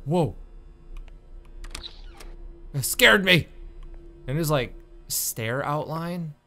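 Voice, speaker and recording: A man doing let's-play commentary on a horror game, exasperated and swearing, with sudden loud outbursts. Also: fairly high pitch. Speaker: gaming YouTuber.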